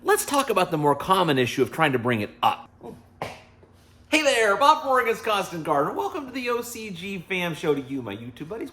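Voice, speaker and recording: A man's voice: high voice, very animated, a little fast, bright, forceful tone. A man hosting a casual gardening show, chatty and joking, asking his guest follow-up questions. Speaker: show host. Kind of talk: casual podcast chat. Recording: echoey room.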